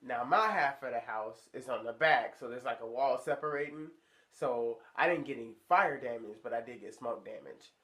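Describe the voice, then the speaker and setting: A young man telling a story to his viewers in a casual, slangy, animated way, sounding stuffy from a sinus infection. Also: moderate pace. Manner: animated, slangy, acts out high squeaky voices in quotes. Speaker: vlogger.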